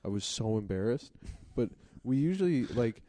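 A man's voice: medium pitch, expressive, normal speed, warm tone, no room sound. A young man co-hosting a casual chat podcast, telling rambling, self-deprecating stories with frequent fillers. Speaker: podcast co-host.

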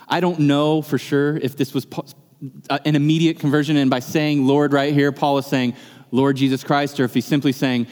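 A man's voice: medium pitch, normal speed, darkish tone. A male pastor preaching a sermon in a church, earnest and building to impassioned emphasis. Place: church sanctuary. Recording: long reverb of a church hall.

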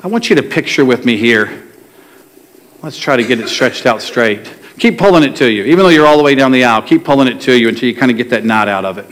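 A man's voice: mid-range voice, expressive, fast, fairly bright tone. A male pastor preaching a sermon to his congregation in a conversational way, asking them questions and telling stories. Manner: conversational, asks the congregation questions and tells jokes. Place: church sanctuary before a congregation.

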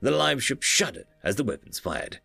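A man narrating a science fiction story in a measured audiobook style. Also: mid-range voice, sing-song, creaky, bright, forceful tone, faint music behind.

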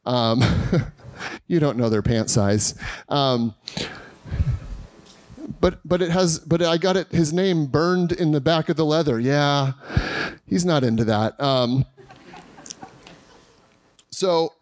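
Guy pastor giving a christmas sermon, kinda high voice, dry sound, animated storyteller. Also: slow pace, long pauses, no echo. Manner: lively storytelling with acted-out quotes. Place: church service.

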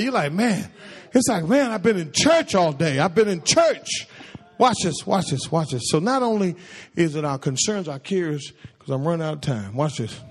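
A man preaching with a lot of life in his voice, his pitch climbing and dropping as he talks to the congregation. He sits fairly high for a man, and he teases his listeners and jumps up even higher when he acts out what people say. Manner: animated, conversational preaching with playful asides. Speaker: pastor. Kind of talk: sermon.

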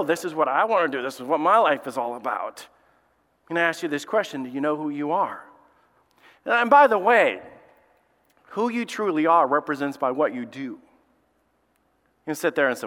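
Male lead pastor, sermon, emphatic with repeated lines; high and bright, long hall reverb. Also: expressive, fairly quick, long pauses. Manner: emphatic preacher, repeats key phrases.

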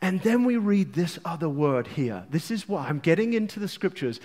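A high-pitched English man preaches with fervor, dropping to near-whispers and then rising to loud outbursts. He teases his congregation with quick asides, and his voice rings out with a long reverb, as in a large church hall. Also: big pitch swings. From England. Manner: passionate, swinging from hushed to loud outbursts. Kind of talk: sermon.

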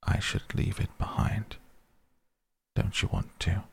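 A man voicing a grave, watchful old male wizard who speaks in a quiet, measured way. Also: low-pitched, creaky, slightly rough, dry recording, heavily acted.

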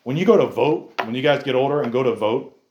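Animated preaching man, echoey room. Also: medium pitch, quick pace, muffled recording, a little hiss or hum. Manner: animated preaching, rhetorical questions to a youth group. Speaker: youth pastor. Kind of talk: sermon.

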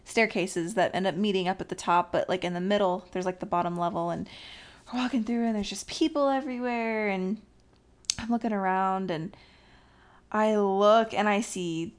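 A woman telling a story in a casual chat, excitable, laughing and acting out what people said. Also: mid-range voice, normal speed. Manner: excitable, laughing, acts out quotes.

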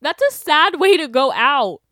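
A woman's voice: sits high, lively intonation, unhurried, fairly bright tone, no room sound, studio quality. A young woman hosting her own show, ranting casually and sarcastically, laughing often and breaking into exaggerated outbursts. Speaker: podcast host. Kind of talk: casual opinion rant.

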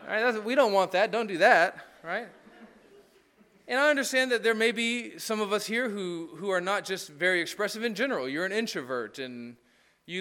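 A man's voice: sits high, sharp tone, big-room sound. A man preaching a sermon as pastor, talking conversationally and tossing in frequent "right?" asides. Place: church.

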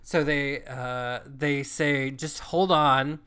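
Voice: medium pitch, fairly even intonation, slow pace, fairly bright tone, clear, resonant tone. A co-host telling a travel story in casual chat, swearing freely and acting out what people said. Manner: profane, chatty, acts out quoted lines.

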